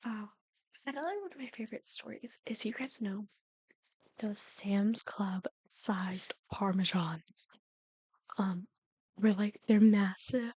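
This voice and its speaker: A woman's voice: medium pitch, slow, mellow, breathy edge, dry recording, muffled recording. A young woman in her twenties telling family stories in a casual chat, often dropping into a whisper. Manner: chatty, often drops to a whisper. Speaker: Sims builder and storyteller. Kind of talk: casual storytelling over gameplay.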